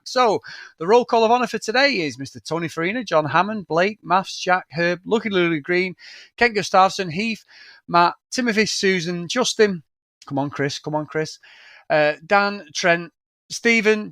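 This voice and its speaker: A man's voice: sits high, moderate pace, no echo, studio quality. A man co-hosting a podcast, chatting casually, swearing often and laughing while telling stories. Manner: sweary, laughing, animated storyteller. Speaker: podcast co-host. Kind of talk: casual chat.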